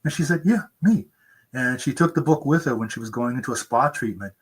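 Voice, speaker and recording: Old guy in his seventies, kinda husky voice, tells stories and does high voices for other people. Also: fast talker, fairly bright tone, low-quality recording. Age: 70s. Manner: earnest storyteller, acts out quotes in a high voice. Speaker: author guest. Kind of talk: conversational interview. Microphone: remote interview mic.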